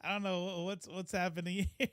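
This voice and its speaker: A man's voice: high voice, level tone, moderate pace, a bit bright, clear, resonant tone, no room sound, clean studio sound. A man streaming live, casually reacting to a video with mocking, profane commentary. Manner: mocking, swears, laughs at what he watches.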